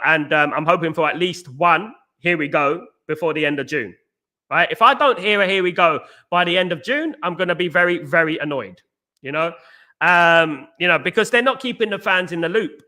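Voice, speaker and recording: A man hosting a live chat show, talking fast and excitedly, often restarting sentences and answering viewers. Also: high voice. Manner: talks fast and excitedly, many restarts, says mate. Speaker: show host reading viewer comments.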